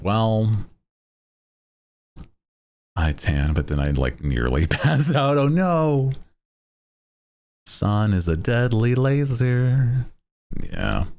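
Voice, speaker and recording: Deep-voiced, playful male streamer. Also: gravelly, a little mellow. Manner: playful, self-mocking, laughs often. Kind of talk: casual chat.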